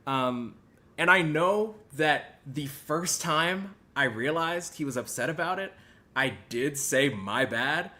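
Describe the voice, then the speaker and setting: A young adult man hosting a podcast, delivering an exaggerated, sarcastic mock apology that swings between loud outbursts and muttered asides. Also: on the high side, animated, takes it slowly. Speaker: podcast host.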